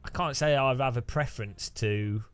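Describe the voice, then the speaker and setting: A man's voice: medium pitch, normal speed, clean tone. A man streaming sim racing, chatting casually and rambling with chuckles while answering his chat.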